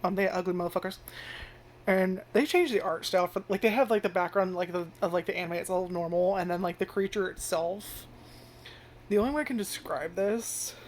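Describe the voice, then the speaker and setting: With a little hiss or hum behind her lowish voice, a woman rambles through casual first impressions of an anime. She leans heavily on filler words, curses frequently, and stays animated, launching into loud reactions she acts out.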